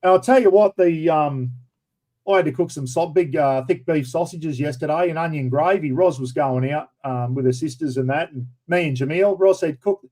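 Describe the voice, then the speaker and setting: A middle-aged man with a broad Australian accent, hosting a relaxed, rambling chat. His voice sits a bit on the high side for a man. He keeps dropping in blokey slang as he talks. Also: normal speed, poor audio. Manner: blokey, rambling, says "mate" and "bloody" often. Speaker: livestream host. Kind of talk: casual chat.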